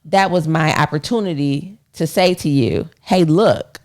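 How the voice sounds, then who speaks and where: A woman co-hosting a podcast, speaking in a direct, candid way with some gentle teasing. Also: deep voice, normal speed. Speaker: podcast co-host. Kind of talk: casual relationship chat.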